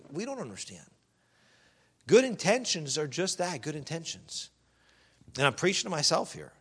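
A man preaching a sermon as pastor, swinging from loud exhortation to quiet earnest asides and acting out objections from the pews. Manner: acts out congregation objections in a higher voice.

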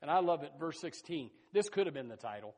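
High-voiced man preaching with emphatic swings. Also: expressive, quick pace, husky. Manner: emphatic preaching, swinging between loud and soft, with repeated phrases; folksy, addresses listeners as folks and says amen. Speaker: pastor. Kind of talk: sermon.

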